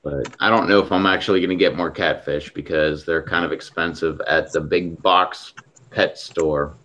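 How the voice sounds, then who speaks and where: A man hosting a relaxed casual chat, laid-back and chuckling now and then as he talks. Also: low voice, moderate pace, a little hiss or hum. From Pittsburgh area. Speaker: host.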